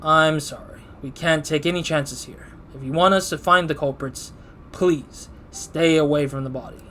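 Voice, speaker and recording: Curt game detective, plain firm read, mid-high voice from a man. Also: moderate pace, a bit bright, slight background noise, natural voice.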